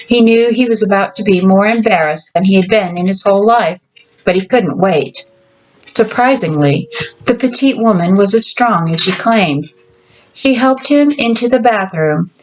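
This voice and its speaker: A woman author reads her own fiction aloud and drops casual asides between passages. Her voice sits at an ordinary middle pitch. The reading is unhurried and plain. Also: low-quality recording.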